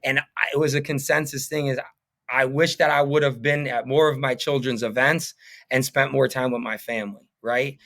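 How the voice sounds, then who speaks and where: A man's voice: medium pitch, fairly even intonation, moderate pace, fairly bright tone. Earnest rambling man, podcast guest. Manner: earnest, rambling, filler-heavy. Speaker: painting business owner, podcast guest. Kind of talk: casual interview chat.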